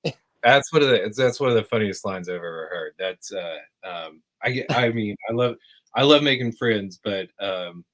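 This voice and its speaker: A man's voice: on the low side, animated, moderate pace, fairly bright tone. A man hosting a podcast who reacts in a laid-back, hesitant way and trails off mid-thought. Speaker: podcast host. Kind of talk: casual chat.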